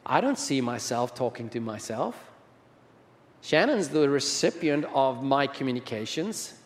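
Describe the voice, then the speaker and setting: A man's voice: medium pitch, expressive, unhurried. A man preaching a sermon as a pastor, talking with the audience and often asking them questions. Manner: conversational, asks the audience questions. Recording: long reverb of a large hall.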